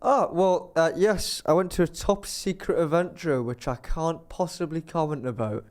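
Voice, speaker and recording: This man's voice runs on the high side at a normal speed. He's co-hosting a podcast, chatting casually as he wanders through a story and voices the quotes of the people in it.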